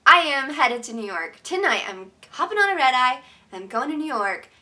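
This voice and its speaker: A woman's voice: high-pitched, big pitch swings, normal speed, few pauses, sharp tone. A young woman vlogging to her viewers, emotional and sincere, talking openly with lots of "like" and restarts. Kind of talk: heartfelt casual vlog to viewers.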